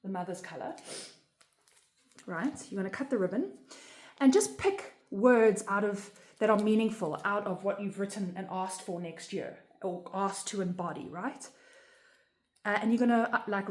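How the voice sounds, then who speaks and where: Earnest woman teaching in an echoey room. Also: mid-range voice. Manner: earnest, conversational, often ends with "right?". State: emotional, near tears. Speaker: spiritual teacher. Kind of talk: casual instructional talk.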